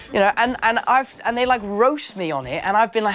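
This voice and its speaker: A man's voice: sits high, a little fast. A young man from London with an English accent, telling stories as an actor guest in a casual interview and acting out other people's voices. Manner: animated storyteller who acts out other voices.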